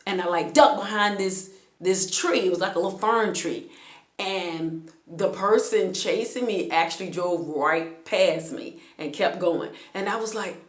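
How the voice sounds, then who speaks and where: A woman's voice: lowish voice, unhurried, reverberant. A woman vlogger telling a personal story in a casual, conversational way, with frequent hesitations and restarts.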